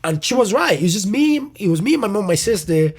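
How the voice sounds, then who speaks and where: A young man, a comedian guest, telling a personal story in an interview, animated and loose, with swearing and restarts. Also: sits high, brisk, slightly rough.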